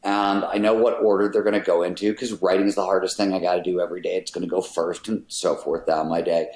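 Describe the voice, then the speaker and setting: Low-voiced man, emphatic and explanatory. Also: flat delivery, quick pace, a little mellow. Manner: emphatic, explanatory, drops occasional swear words. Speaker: podcast guest, author. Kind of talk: casual interview talk. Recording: roomy echoey sound.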